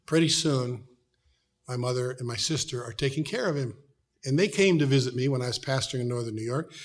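A middle-aged man with an American accent, preaching a sermon as a pastor, telling stories and dropping from loud to hushed tones. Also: mid-range voice. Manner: storytelling, shifts from loud to hushed.

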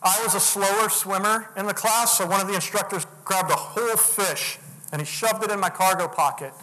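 A man giving a motivational talk, telling a personal story earnestly and getting animated when he acts out other people. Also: high voice, fairly quick, rough recording. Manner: earnest, builds to animated retellings. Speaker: motivational speaker.

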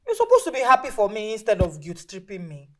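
An actress playing a busy, career-driven wife and mother who swings from weary to loud. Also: medium pitch, wildly swooping pitch, quick pace. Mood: soothing. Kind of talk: film drama acting.

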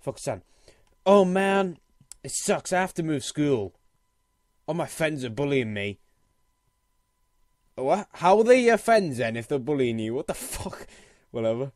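A young man with a sore throat plays a game and gives profane, exasperated commentary in a casual let's-play style. His voice is on the high side and very animated, at a measured pace with long pauses. The recording is dry and studio-clean, though loud looping clarinet game music plays underneath.

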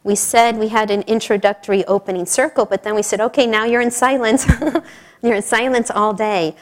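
Middle-aged woman, a bit higher-pitched, informal sermon speaker; chatty storyteller, quick to laugh. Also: steady tone. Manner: chatty, laughing often, full of asides. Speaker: speaker at a spiritual service.

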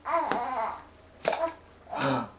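A man's voice: extremely high pitch, wildly swooping pitch, drawn-out words, heavy background noise. A man filming his toddler at home, coaxing the child in a sing-song way in a casual home video.

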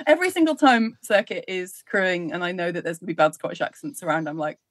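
A woman co-hosting a podcast in casual chat, talking quickly and often laughing. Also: lowish voice, no echo. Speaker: podcast co-host.

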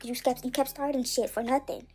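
A woman's voice: high-pitched, little pitch movement, fairly quick, a little mellow, breathy edge, soft background music. A woman hosting a casual commentary show, blunt and slangy, laughing as she talks. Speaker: host.

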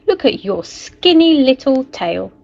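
A woman's voice: high-pitched, sing-song, measured pace, creaky, darkish tone, lo-fi sound, voice pushed up, heavily acted. A woman voicing a boastful male monkey who mocks and cackles. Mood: mocking.

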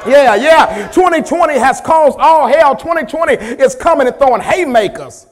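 A man preaching a sermon in a church, calling on the congregation to repeat after him and swinging from hushed, low talk to loud shouted peaks. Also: animated, moderate pace, a faint crowd. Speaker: pastor. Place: church sanctuary.

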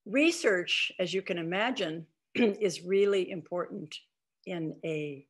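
A woman's voice: lowish voice, takes it slowly. An older woman giving an author talk over a video call, telling anecdotes in a chatty way with many fillers and restarts. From Iowa, United States.

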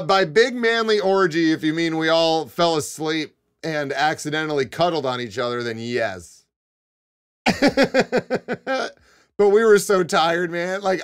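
A young man streaming live, telling a long story to his chat in a casual, animated way, swearing and laughing a lot. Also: on the high side, clear, resonant tone. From Connecticut. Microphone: desk mic.

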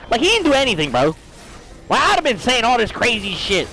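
A young man talks over his gameplay in a high, bouncy voice that swoops up and down. His chatter is crude and excitable, and he breaks into sudden shouts. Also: fairly quick, faint music behind. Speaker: streamer. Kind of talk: casual gaming stream chatter.

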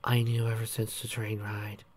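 Brief: a flat, emotionless pony mare, read by a storyteller, quiet and monotone. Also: mid-range voice, moderate pace, husky, close to an everyday voice. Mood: deadpan. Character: deadpan, emotionless female earth pony.

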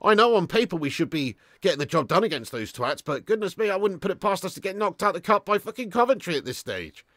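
A man hosting a live football watch-along, swearing freely, swinging between shouts and low mutters, and reading out viewer messages. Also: big pitch swings, quick pace, hardly any pauses, dry recording, studio quality.

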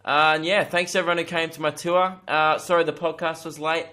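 A man's voice: fairly high pitch, flat delivery, brisk, pushed and bright. A young man hosting a podcast, chatting loosely and joking, swearing freely. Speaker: podcast host, comedian. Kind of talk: casual chat.

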